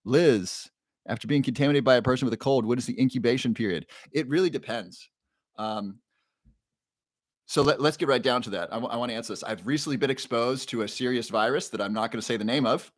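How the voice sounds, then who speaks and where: A man's voice: mid-range voice, fast talker, dry recording. Dry-sounding male live-stream host. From Ohio. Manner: reads viewer names and questions from chat aloud. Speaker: livestream host. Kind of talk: casual live-stream chat.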